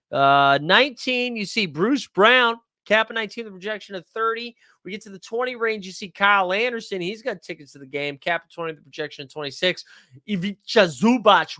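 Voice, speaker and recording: A man's voice: high-pitched, bright, forceful tone, dry recording, clean studio sound. A man hosting a fantasy sports live stream in a joking, rambling, profane casual manner.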